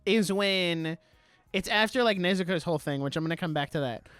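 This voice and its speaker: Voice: mid-range voice, a little fast, a bit bright, clean tone, no echo, soft background music. A podcast co-host in casual chat, wry and matter-of-fact, now and then acting out quotes.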